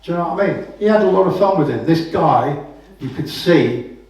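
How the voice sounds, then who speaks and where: A man's voice: fairly high pitch, animated, a little fast, a little mellow. A man giving a casual, anecdotal talk as a common law speaker, often asking "right?" after his points. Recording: very echoey room, voice from far off the mic.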